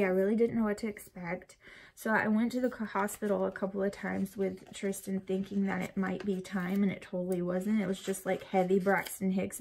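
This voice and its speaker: A woman's voice: mid-range voice, creaky, a little mellow. A young woman vlogger chatting casually and rambling while decorating a planner. She sounds tired and uncomfortable and often drops to a near whisper.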